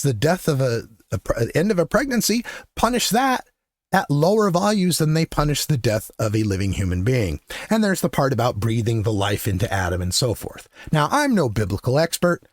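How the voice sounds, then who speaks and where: An older man hosting his own show, telling a story in a profane, impassioned political monologue that builds to loud shouting. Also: a little high, no room sound, studio quality. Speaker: show host.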